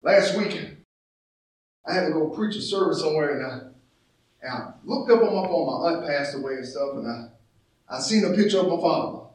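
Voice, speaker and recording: A man preaching a sermon with passion, calling out to his congregation and often shouting. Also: fairly high pitch, expressive, moderate pace, long pauses. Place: church. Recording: echoey church sound from far off.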